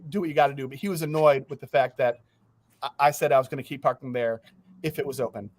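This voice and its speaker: A man hosting a podcast, telling a story in casual chat, animated, laughing through it and swearing freely. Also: fairly high pitch. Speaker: podcast host.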